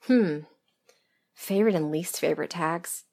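Chatty woman from the American South, a little hoarse. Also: on the low side, unhurried. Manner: chatty and candid, laughing softly, self-deprecating. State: losing her voice. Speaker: audio script writer and performer answering listener questions. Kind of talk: casual interview-style Q&A monologue.

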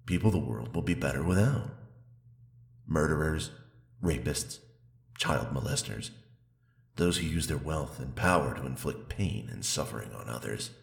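A man plays a seductive demon spirit in a stolen body, his voice extremely deep and rough with gravel. He talks in an unhurried, intimate murmur. The echo of a roomy space hangs on the recording of this adult audio role-play. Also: heavily acted. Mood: sly.

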